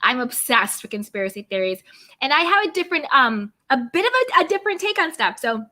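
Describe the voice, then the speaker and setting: A young adult woman hosting a live stream recap, greeting viewers one by one with bubbly, drawn-out hellos and pop-culture slang. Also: sits high, big pitch swings, sharp tone. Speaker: YouTube recap host.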